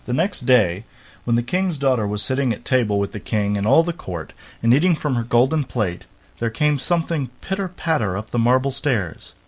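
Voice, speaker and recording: A man narrating a fairy tale aloud in a steady, unhurried storytelling manner. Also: medium pitch.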